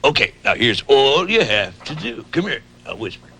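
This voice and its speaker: A man's voice: medium pitch, big pitch swings, moderate pace, pushed and bright, breathy edge, heavily acted. A man playing a sly, blustery old schemer on a children's TV show, sputtering as he talks. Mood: scheming. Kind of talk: children's TV comedy.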